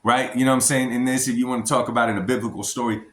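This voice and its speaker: An American man talks in a casual, emphatic vlog style and keeps addressing his viewers directly. His voice sits at an ordinary middle pitch. The sound carries a noticeable room echo. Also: fairly even intonation, rapid-fire, fairly bright tone. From United States. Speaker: boxing commentary vlogger.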